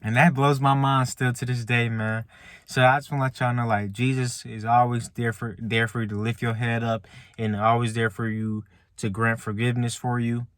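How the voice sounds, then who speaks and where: Sitting in a car, a male vlogger with a mid-range voice shares a casual faith testimony with his viewers on camera. He's relaxed, tagging lines with "man" and "like" and restarting often in halting fashion, and the recording is dry and studio quality.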